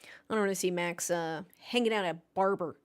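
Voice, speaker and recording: On a race watchalong stream, a woman with a lowish voice talks at normal speed into a desk mic. Her tone is casual as she jokes and playfully chats with her live audience.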